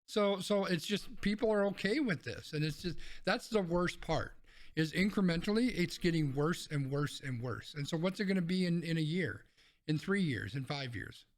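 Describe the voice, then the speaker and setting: A man co-hosts a casual news podcast with a somewhat raised pitch. He talks bluntly and swears freely, ranting hard and then dropping back to plain chat. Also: lively intonation, normal speed. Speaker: podcast co-host.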